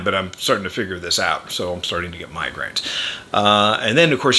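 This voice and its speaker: Older male host, low forceful voice, rambling anecdotal storyteller. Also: slight background noise. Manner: rambling and anecdotal, with frequent fillers and wry chuckles. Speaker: podcast host and chiropractor. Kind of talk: casual personal storytelling.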